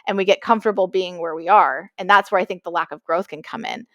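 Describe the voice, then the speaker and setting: A woman's voice: lowish voice, quick pace, no echo, studio quality. A young woman co-hosting a podcast, chatting casually and acting out quoted lines as she tells a story. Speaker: podcast co-host. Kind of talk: casual chat.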